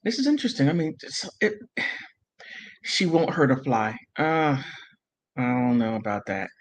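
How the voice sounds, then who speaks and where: Reading out messages on his commentary channel, this man reacts to each one in a mid-range voice with big swings in pitch. His speech is halting and full of stumbles, broken by incredulous exclamations, all in a low-quality recording.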